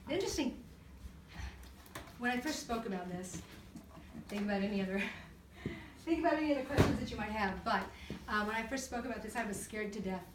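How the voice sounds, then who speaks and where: A woman counselor talking to a church group, telling stories in an animated way, acting out voices and laughing often. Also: a little high, brisk, long pauses, noisy background. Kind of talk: church talk to a live group. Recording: echoey room recorded from far off.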